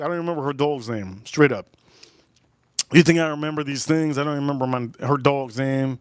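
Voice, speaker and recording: Man, livestream host, rambling, crude, repetitive, mid-pitched, dry room. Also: moderate pace, dry recording. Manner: rambling, crude, repeats himself. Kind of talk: casual storytelling on a livestream.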